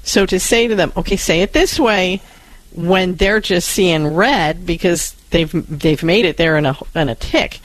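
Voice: mid-range voice, unhurried, no room sound, low-quality recording. Radio co-host explaining steadily. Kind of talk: call-in radio advice.

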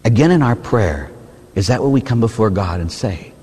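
A low, husky-voiced priest delivers a conversational sermon, his pitch swinging widely as he prods the congregation with quick rhetorical questions. The long reverb of a large hall trails after his words. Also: expressive, a little mellow. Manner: asks the listeners short rhetorical questions, often ending with "huh?"; acts out prayers and people's complaints in changed voices. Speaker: Catholic priest.

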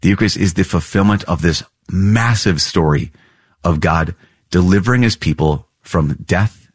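A man hosting a podcast, teaching in an earnest, animated way with warm storytelling and chuckles. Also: deep voice, moderate pace, slightly rough, dry recording, studio quality. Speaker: priest podcast host.

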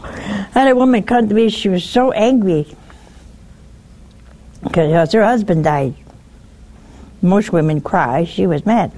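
A woman's voice: medium pitch, measured pace, long pauses. A woman preaching a broadcast sermon, telling stories with wry humor, teasing her listeners and dropping to a whisper to stress a point. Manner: animated storytelling, dropping to a whisper for emphasis.

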